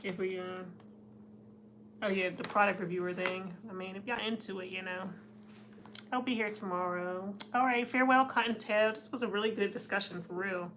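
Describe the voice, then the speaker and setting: A woman's voice: mid-range voice, fairly even intonation, normal speed, noisy background. A woman hosting a casual live stream, chatting with her viewers and reading their comments, often laughing. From United States. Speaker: livestream host.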